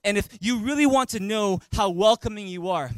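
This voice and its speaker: A man's voice: sits high, moderate pace, clear, resonant tone, dry recording, poor audio. A male pastor preaching a sermon at a church service, emphatic and repeating key phrases, leading the congregation in reading aloud. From Canada.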